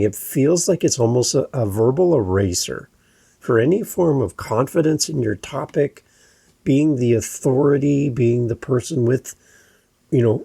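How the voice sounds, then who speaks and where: A man's voice: mid-range voice, creaky, warm tone, breathy edge, no room sound. A man from Canada with a Canadian accent, hosting a podcast and explaining earnestly, often restarting his sentences. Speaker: podcast host and coach. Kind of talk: podcast monologue.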